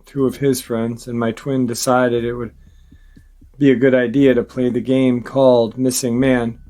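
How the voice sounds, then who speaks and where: Male narrator, average pitch, calm steady reader for first-person story reads. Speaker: channel host reading a viewer's story.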